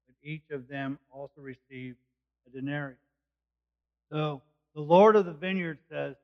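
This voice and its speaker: A man's voice: a little high, unhurried, pauses often. A man preaching a sermon, explaining a passage verse by verse in plain, conversational words. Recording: dull lo-fi recording.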